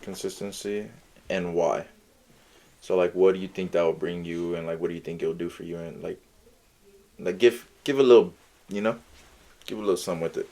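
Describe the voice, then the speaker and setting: A man's voice: deep voice, steady tone, fairly quick, pauses often, dark tone. A young man co-hosting a podcast in casual chat, laid-back and slangy, full of "like" and "bro". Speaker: podcast co-host.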